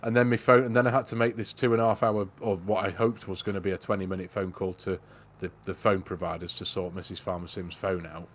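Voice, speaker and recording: Deep-voiced man, chatty gamer. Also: little pitch movement, quick pace. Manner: chatty, self-deprecating storyteller. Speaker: co-host of a farming game stream. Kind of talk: casual chat while gaming. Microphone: gaming headset.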